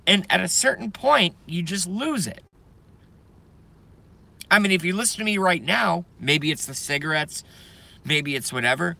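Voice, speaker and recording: A middle-aged man ranting angrily on his live stream, swearing, breaking off to apologize, his voice going hoarse from a day of talking. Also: on the high side, expressive, unhurried, pushed and bright. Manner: angry, profane ranting with sudden outbursts and apologies.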